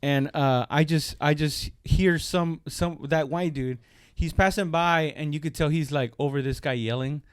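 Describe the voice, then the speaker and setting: A man co-hosting a comedy podcast, telling a long street story in casual chat and acting out the shouted lines of the people in it. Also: on the high side, normal speed, clear, resonant tone, dry recording, clean studio sound. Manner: animated storyteller, acts out shouted quotes, profane. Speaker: podcast co-host.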